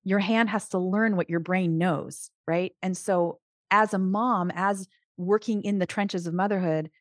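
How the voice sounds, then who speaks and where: On a relaxed podcast, a middle-aged woman who coaches people in Christian life speaks earnestly and with animation, often starting sentences over. Her mid-range voice keeps a measured pace, recorded cleanly in a studio with no room sound.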